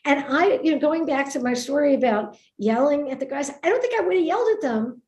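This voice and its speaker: Brief: high-voiced New York woman, author and teacher, punchy storyteller, roomy echoey sound. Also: brisk. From Brooklyn, New York. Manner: animated, emphatic storyteller. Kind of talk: lively conversation at a book event. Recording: roomy echo.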